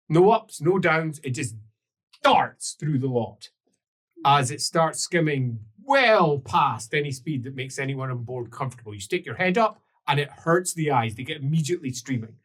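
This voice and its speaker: A man narrating a tabletop role-playing game as game master, in an animated way with laughs and sound effects. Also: mid-range voice, husky.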